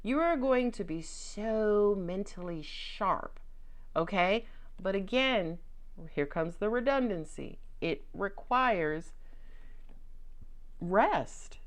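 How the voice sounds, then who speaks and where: A woman giving a casual tarot reading, chatty and joking, with slangy asides and frequent laughs. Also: lowish voice. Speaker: tarot reader.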